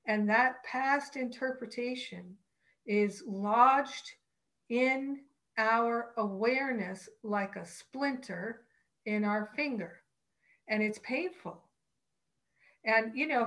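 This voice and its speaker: A woman teaching on spiritual practice, speaking in a slow, earnest and emphatic way. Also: a little high, fairly bright tone, poor audio.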